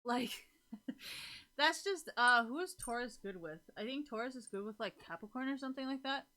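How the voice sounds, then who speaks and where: An animated woman with a high, pushed, bright voice talks at normal speed while livestreaming. Chatting casually with viewers, she rambles, uses plenty of fillers, laughs a lot, and swears casually.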